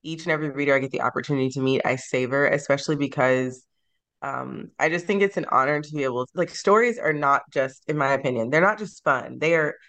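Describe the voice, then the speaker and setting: A woman's voice: rumbling low, fast talker, fairly bright tone. A woman author being interviewed on a podcast, speaking in a reflective, sentimental way and laughing easily. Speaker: guest author.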